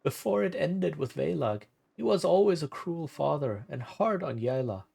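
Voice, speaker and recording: A man voicing a worried young mother in a game, speaking softly and pleadingly. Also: on the high side, expressive, moderate pace, gravelly, breathy edge, full character voice. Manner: pleading, soft.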